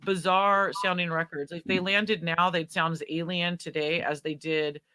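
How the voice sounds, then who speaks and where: Bright-voiced chatty woman hosting. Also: fairly low pitch, normal speed, smooth. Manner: chatty, excitable, many restarts and fillers. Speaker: author and host of a live book talk. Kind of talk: casual live-streamed conversation.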